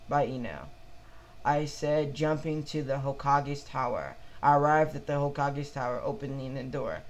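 A man reading his own fan fiction aloud in first person, halting and stumbling over words with many restarts. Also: mid-range voice, level tone, rough recording.

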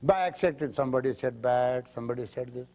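A man's voice: medium pitch, quick pace, mellow. A man giving a spiritual lecture, telling parables emphatically and acting out the quotes. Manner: emphatic storytelling with acted quotes. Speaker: spiritual teacher.

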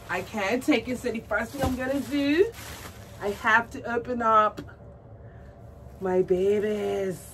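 With a slightly high voice, a woman talks a little slowly and pauses often as she unboxes a doll on camera, gushing and squealing with delight to her viewers. The mic is distant and faint background noise can be heard.

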